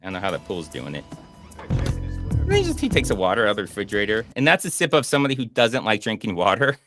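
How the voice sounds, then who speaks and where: A man's voice: on the low side, wildly swooping pitch, quick pace, a bit bright, soft background music. A man hosting a casual movie review show, making sarcastic, mocking comments about a film. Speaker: podcast host and movie reviewer.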